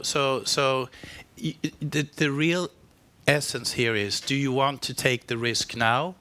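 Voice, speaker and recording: A man's voice: on the low side, pushed and bright. A man speaking as a company executive on a panel, answering frankly with many restarts and fillers.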